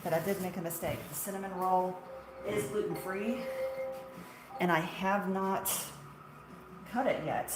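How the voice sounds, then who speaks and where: A woman's voice: fairly low pitch, unhurried, pauses often. A middle-aged woman, a shop owner, chatting casually on a livestream in a chatty, self-deprecating way and laughing often.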